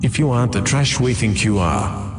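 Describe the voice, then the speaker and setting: A man's voice: mid-range voice, animated, moderate pace, over music. A man voicing a cold, contemptuous council of shadowy male elders in a fan dub, with a reverb effect on the voices. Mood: scornful. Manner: contemptuous, menacing.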